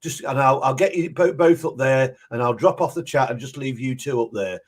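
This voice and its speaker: A man's voice: mid-range voice, a little fast. A man hosting a live stream, talking casually in a rambling way, repeating himself and laughing often. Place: live video call.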